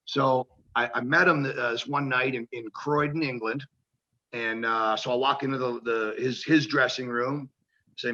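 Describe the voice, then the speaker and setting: A man telling stories as an interview guest, animated and acting out the people he quotes, swearing casually, on a dull lo-fi recording. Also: medium pitch, normal speed. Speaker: guest, professional wrestler.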